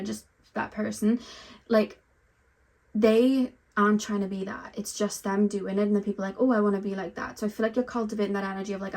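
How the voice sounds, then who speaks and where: A woman giving a pick-a-card tarot reading, chatty and full of ums and likes, talking straight to the viewer. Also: medium pitch. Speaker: tarot reader.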